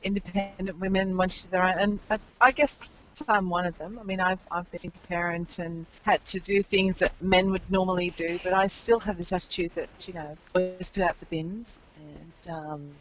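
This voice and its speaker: A woman's voice: on the low side, fairly even intonation, moderate pace, hardly any pauses, a bit bright, a little hiss or hum, rough recording. A woman in casual podcast chat, thoughtful and rambling with many fillers.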